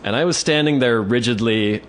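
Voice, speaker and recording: A man's voice: mid-range voice, normal speed, slight background noise. A man co-hosting a podcast, telling a story in casual chat, swearing and acting out the voices of the people in it. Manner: animated, swears, acts out voices in his stories. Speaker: podcast co-host.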